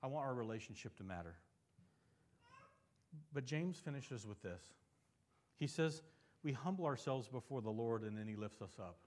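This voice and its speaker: A pastor giving a conversational sermon, asking the congregation questions and moving between lively, emphatic stretches and softer, earnest ones. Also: male voice, moderate pace, long pauses. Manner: conversational preaching with frequent rhetorical questions; swings between animated emphasis and soft, low earnest passages.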